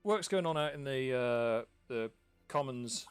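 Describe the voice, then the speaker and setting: Gruff old watch commander, a man putting it on. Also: mid-range voice, animated, measured pace, dry recording, soft background music, voice pushed up, natural voice. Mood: businesslike. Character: older bald male watch commander, gruff and brusque.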